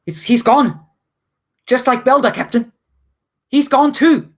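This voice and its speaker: Man doing a scared young female deckhand, very high and shouty, panicked. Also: slow, full character voice. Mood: frightened.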